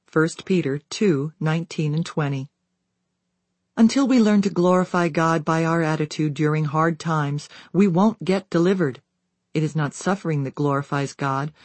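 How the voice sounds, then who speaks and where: A reader giving a measured, steady scripted narration of a devotional book, citing scripture verses along the way. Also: mid-range voice, dry recording. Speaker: audiobook reader.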